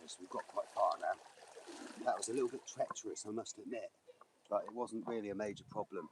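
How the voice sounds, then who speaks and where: A man's voice: lowish voice, a little fast, background noise. A man live streaming on his phone while walking outdoors, chatting rambly to the camera. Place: outdoors on a walk. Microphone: handheld phone.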